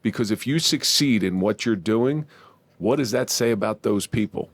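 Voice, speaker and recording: A man's voice: on the low side, moderate pace. A man hosting a podcast in casual chat, joking and emphatic. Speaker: podcast host.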